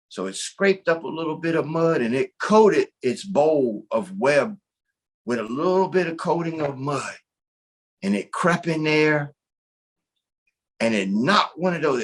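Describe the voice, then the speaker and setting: A man from North Carolina telling a creation story aloud, in an animated, conversational manner and often checking in with "right?". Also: on the high side. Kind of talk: oral storytelling of a creation tale.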